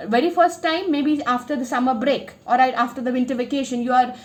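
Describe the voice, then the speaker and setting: Fast-talking woman explaining a story. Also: high-pitched, steady tone. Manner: fast-talking, many fillers and restarts. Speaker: English literature teacher. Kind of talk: explaining a short story line by line.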